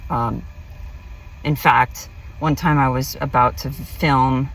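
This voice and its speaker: A woman's voice: extremely low pitch, steady tone, takes it slowly, vocal fry, far from the mic, a little hiss or hum, rough recording. A woman vlogger casually telling a personal story, rambling with many fillers and restarts. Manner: rambling, filler-heavy, self-interrupting.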